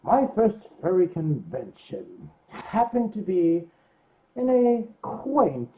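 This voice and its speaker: On a live stream, a man voices an ancient male celestial dragon, a theatrical, wry storyteller bantering in character. His exaggerated voice is high, swings hugely in pitch and moves slowly, heard over a tinny, phone-like call line.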